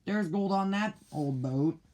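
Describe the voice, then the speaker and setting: A man voicing Ben Ali, a greedy, loud adult male pirate captain who bellows threats, in a children's storybook reading. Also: measured pace. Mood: shouting. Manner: booming, threatening shouts.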